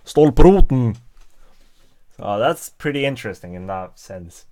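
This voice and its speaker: A male livestream host from Sweden chats informally with his viewers in a Swedish accent, speaking at a measured pace in a medium-pitched voice. He's hesitant, often restarting and using lots of fillers.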